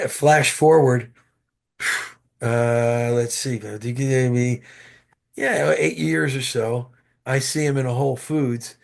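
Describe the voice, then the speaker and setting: A man guest, an actor, telling animated stories in an interview with frequent restarts, heard over a video call. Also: mid-range voice, slow, gravelly, pauses often. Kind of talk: interview storytelling.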